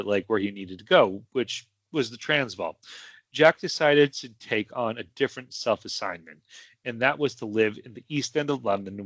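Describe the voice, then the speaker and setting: This young male podcast host narrates history in loose, chatty storytelling full of fillers and tangents. His lowish voice has a fairly bright tone, and the dry recording comes from a muffled home podcast mic.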